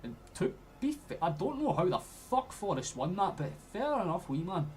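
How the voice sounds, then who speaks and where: A young Scottish man streaming a football watchalong, chatting and swearing freely, with sudden loud outbursts at the play. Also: sits high, big pitch swings, moderate pace. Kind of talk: live match commentary to chat.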